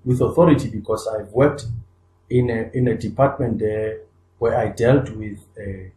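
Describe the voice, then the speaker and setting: A man's voice: on the low side, fairly even intonation, moderate pace, dark tone, a little hiss or hum. Earnest man in echoey room. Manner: earnest, restarts phrases, rising emphasis on key points. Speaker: podcast co-host. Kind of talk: conversational discussion.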